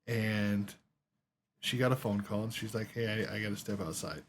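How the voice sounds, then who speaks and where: A gaming streamer, his voice on the low side and at a normal speed, rambles through a long story as he plays a game. He swears a lot and quotes other voices along the way, with slight background noise behind him.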